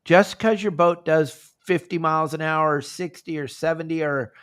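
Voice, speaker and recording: A man's voice: a little high, normal speed, fairly bright tone, clear, resonant tone. A man hosting a fishing podcast over a video call, talking casually and acting out phone calls with members in a raised voice. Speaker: fishing show host.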